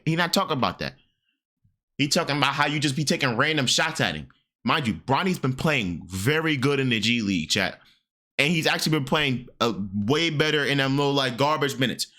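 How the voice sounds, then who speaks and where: A man in his early twenties streaming, reacting loudly and mockingly to a sports talk clip. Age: 20s. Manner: loud, mocking, with jumps into high falsetto bits. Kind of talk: reaction commentary.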